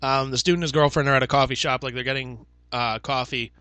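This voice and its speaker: A young man co-hosting a casual podcast, chatty and loose with his words, swearing freely between fillers. His voice is bright and forward, recorded close and dry with no room sound. Pitch sits in a middle range. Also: fairly even intonation, fast talker, clear, resonant tone, no room sound. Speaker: podcast co-host. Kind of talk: casual chat.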